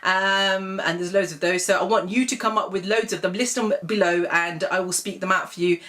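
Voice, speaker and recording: A woman's voice: mid-range voice, fairly even intonation, brisk, fairly bright tone. A woman from England, talking casually to camera in a comic video blog, chatty and amused, with many ums. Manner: chatty and amused, many ums, laughs at her own examples. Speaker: vlogger.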